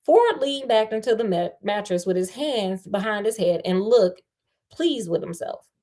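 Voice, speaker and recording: Woman reading a book out loud, bouncy lively voice, talks back to the story sometimes. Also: mid-range voice, moderate pace. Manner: breaks off to talk back to the story with slangy commentary; lively, expressive delivery, stumbles and restarts. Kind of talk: casual read-aloud with chatty asides.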